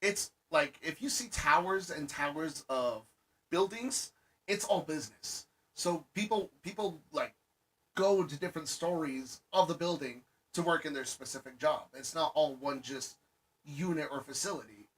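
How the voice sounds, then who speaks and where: Husky man explaining haltingly. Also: a little high, a bit bright, low-quality recording. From Arizona. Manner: explains haltingly, restarts often. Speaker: podcast co-host. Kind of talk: casual chat.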